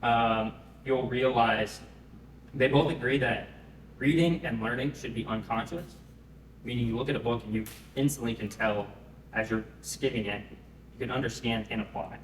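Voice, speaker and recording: A man giving a live pitch presentation to an audience, conversational and often checking in with them. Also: normal speed, a little hiss or hum. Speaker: startup founder pitching. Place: event room. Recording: echoey room, mic at a distance.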